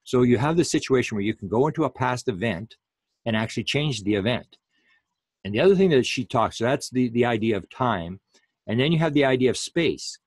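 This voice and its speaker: A man's voice: medium pitch, lively intonation, fairly quick, breathy edge, no echo. A man giving a public lecture in a rambling way, full of fillers and restarts.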